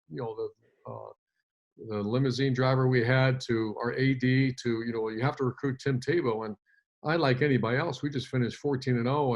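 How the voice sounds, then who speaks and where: A middle-aged man, a football coach, telling a story in an interview, animated, with many restarts and fillers. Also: mid-range voice, highs cut off.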